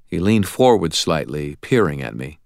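A man narrating a novel in the first person, telling it in a steady, plain way. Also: extremely low pitch, normal speed, gravelly, no room sound, studio quality. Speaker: audiobook narrator.

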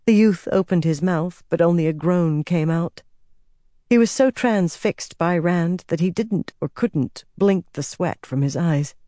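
This is fantasy audiobook narration read by a woman whose voice sits on the low side, dark and mellow in tone. She keeps an even, measured pace, and the close, dry recording carries no room sound.

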